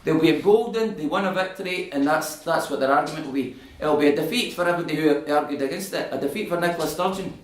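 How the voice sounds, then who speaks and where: A middle-aged Scottish man addresses a room, animated and argumentative. His voice sits a little high for a man. The sound bounces around an echoey community hall. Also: fast, few pauses. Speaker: invited political speaker. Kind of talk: public talk answering audience questions.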